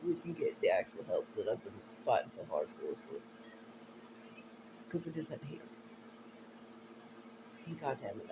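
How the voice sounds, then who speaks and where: A woman rambling through a personal monologue, her pitch swinging widely as she speaks. She talks in halting, emotional bursts and keeps restarting her sentences. The audio is muffled and lo-fi, with a steady noise underneath.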